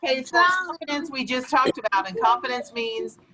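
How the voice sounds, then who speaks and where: A woman teaching young children in a classroom, patiently asking questions and slowly explaining vocabulary. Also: high voice, animated, a loud crowd, rough recording. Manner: patient, questioning, slow and encouraging. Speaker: elementary school teacher. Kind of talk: classroom lesson.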